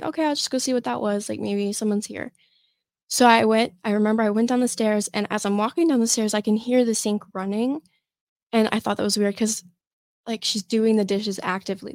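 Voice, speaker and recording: A young woman from Michigan, a podcast guest telling a personal story in a halting way, with many fillers and restarts. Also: medium pitch, dry recording. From Michigan, USA.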